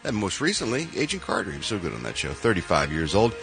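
A man's voice: low-pitched, huge pitch swings, fast talker, creaky, a bit bright, faint music behind. A man reporting showbiz news on a radio show, teasing and wisecracking in a theatrical announcer style from a studio. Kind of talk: morning radio banter.

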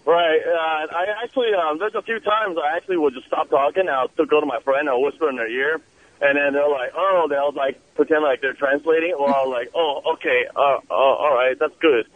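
A man's voice: on the high side, fairly quick. A male caller telling a story on a radio show. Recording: phone line.

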